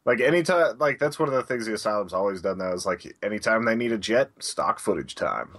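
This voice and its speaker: A man's voice: lowish voice, expressive, fast, a bit bright. A man co-hosting a podcast in casual chat, laid-back and wry, laughing often. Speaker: podcast co-host.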